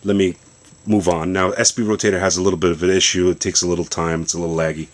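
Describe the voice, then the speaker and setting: A man with a very deep voice walks through a phone demo in a basement, loose and chatty. He stops, restarts and fills gaps with "uh" as he goes. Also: quick pace. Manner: relaxed, rambling explanation with many fillers and restarts. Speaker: tech video host. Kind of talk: casual tech demonstration.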